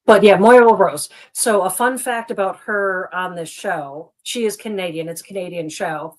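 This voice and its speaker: A woman's voice: mid-range voice, normal speed. A woman co-hosting a casual chat show who rambles, restarts her sentences and laughs at herself. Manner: chatty and rambling, full of "like" and restarts.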